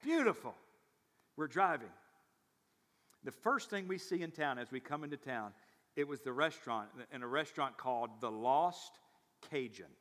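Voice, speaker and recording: Preaching pastor in a reverberant hall. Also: male voice, mid-range voice, expressive, normal speed, long pauses. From South Louisiana. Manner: storytelling, swings from loud emphatic bursts to quiet asides. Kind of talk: sermon. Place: church sanctuary.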